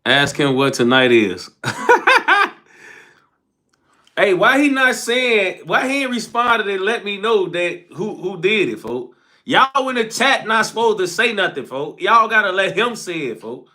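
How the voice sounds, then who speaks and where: A young man hosts a casual live stream and reads his viewers' comments aloud. His voice sits a bit high for a man. He often closes a phrase with a low, trailing "folks.". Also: sing-song, moderate pace, sharp tone.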